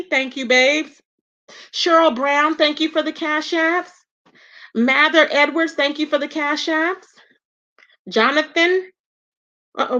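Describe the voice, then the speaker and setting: A woman hosting a livestream, chatting casually with viewers, gossipy and animated, thanking them by name and laughing often. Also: high-pitched, muffled recording. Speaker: livestream host.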